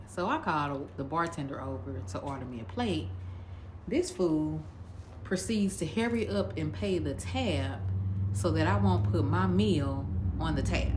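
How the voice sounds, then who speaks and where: A woman vlogger telling a dating story casually, in a sassy, blunt, animated way. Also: low-pitched, moderate pace, a little hiss or hum.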